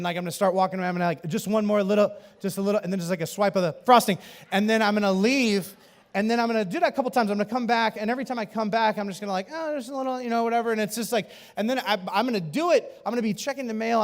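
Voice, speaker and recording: Quick high-voiced pastor guy doing a sermon, acts out all the people in his stories, big churchy reverb. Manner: animated storytelling, acting out quoted people. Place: church auditorium.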